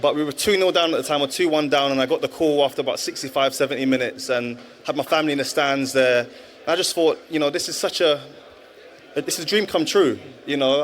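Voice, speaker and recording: Appearing as a guest at a live event, a thirty-something ex-footballer gives earnest, reflective testimony with many restarts. His voice is slightly high and a little bright, and there's a light hiss or hum in the recording.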